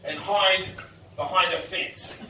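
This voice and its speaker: A man's voice: high-pitched, steady tone, slow pace, bright, forceful tone. A young man telling a brash, self-mocking stand-up story with swearing, on a bar stage. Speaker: stand-up comedian. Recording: echoey bar heard from far off, noisy.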